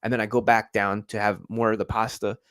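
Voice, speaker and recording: This young American football channel host has a fairly low, smooth, slightly bright voice with little pitch movement and a brisk pace. There's no room sound as he rambles casually through his live-stream chat with many fillers.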